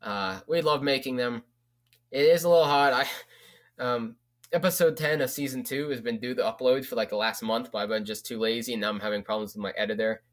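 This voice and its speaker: A young man talking straight to camera in a relaxed, meandering vlog chat. His pitch sits right in the ordinary middle for a man. He drifts from point to point with plenty of casual profanity. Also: brisk. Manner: rambling, loose and profane. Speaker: vlogger.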